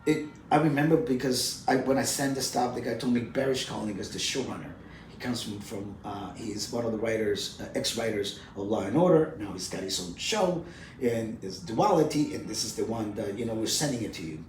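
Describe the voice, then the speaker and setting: Lively male storyteller in a roomy space. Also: fairly low pitch, a little fast, a little hiss or hum. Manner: lively storyteller who acts out other people's lines, with frequent fillers. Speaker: interview guest. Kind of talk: animated anecdote telling. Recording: roomy sound from a distant mic.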